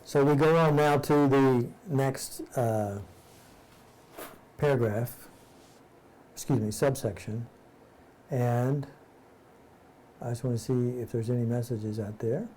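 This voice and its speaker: A man of medium pitch reads a spiritual text aloud to an online study group. He trips over phrases and goes back to reread them. Then he breaks each passage down in plain, conversational language. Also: takes it slowly, long pauses, a little mellow, slight background noise, poor audio. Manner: explains in plain words after each passage. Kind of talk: reading and explaining a spiritual text.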